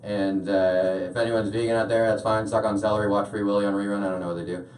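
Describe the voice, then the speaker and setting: A young man doing a stand-up routine in a comedy club, deadpan, with lots of "uh" fillers. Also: on the low side, quick pace, slight background noise. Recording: roomy club sound from a distance.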